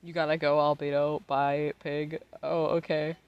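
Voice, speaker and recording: Man, tipsy, giggly, swearing, rambling, casual game stream, slightly high voice. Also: flat delivery, normal speed, smooth, dull audio. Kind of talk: casual live-stream chat while gaming.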